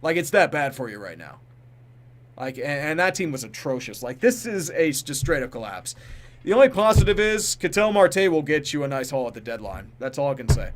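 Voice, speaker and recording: A man's voice: on the high side, very animated, a little fast. A man on a casual live stream, reading out viewer donations and reacting bluntly, laughing often and tripping over names. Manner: reads donor names and messages aloud, then reacts with blunt comments.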